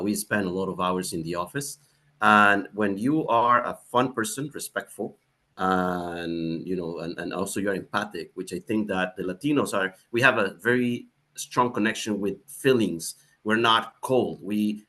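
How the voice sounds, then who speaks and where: A man with a lowish voice speaks on a panel. He is animated and emphatic, often pausing on fillers before pushing his point harder. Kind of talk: panel discussion.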